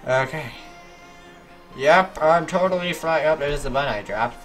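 Bright-voiced man yelling through a game. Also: on the high side, measured pace, faint music behind. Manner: animated, yelps at game characters. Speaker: gaming YouTuber. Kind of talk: let's play commentary.

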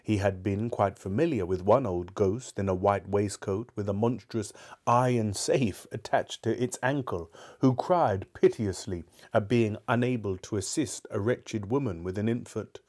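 A man narrating a classic novel aloud in a measured, expressive way. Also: on the low side.

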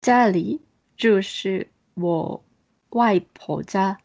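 A woman's voice: medium pitch, drawn-out words, gravelly, a little mellow. A woman learner co-host in a casual podcast lesson, answering briefly and asking tentative questions.

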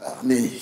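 Slow, high-voiced male preacher. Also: vocal fry. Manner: emphatic and repetitive, drawing the congregation in. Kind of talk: sermon. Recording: long reverb of a large hall.

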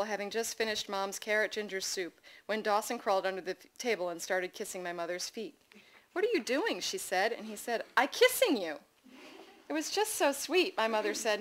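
A middle-aged woman reading her own memoir stories to an audience at a festival, with lively, amused asides and a raised pitch for the children's lines. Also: poor audio. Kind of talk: live reading of personal essays.

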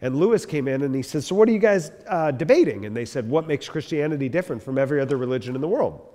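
A male pastor lectures on church history in an emphatic, animated way, talking straight to the people in the room. His voice sits somewhat high, and a long hall reverb trails behind his words. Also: racing.

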